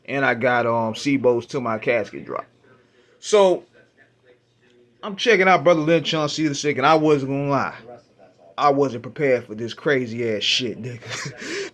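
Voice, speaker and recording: A man hosting a radio show, casually retelling his first listen to an album, with an animated, profane, laughing delivery. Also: medium pitch. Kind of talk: casual storytelling album review.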